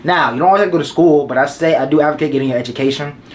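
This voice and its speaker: A man's voice: on the high side, racing. Casual young man giving slangy advice. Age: 20s. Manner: casual slangy, repeats points for emphasis.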